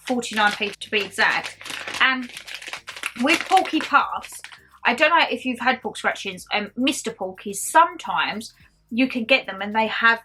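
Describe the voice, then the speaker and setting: A woman's voice: on the high side, sharp tone, a little hiss or hum. A young woman with a mixed Essex and Geordie accent, chatting casually to camera about her shopping haul in a bubbly, rambling way. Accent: mixed Essex and Geordie English. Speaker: haul vlogger.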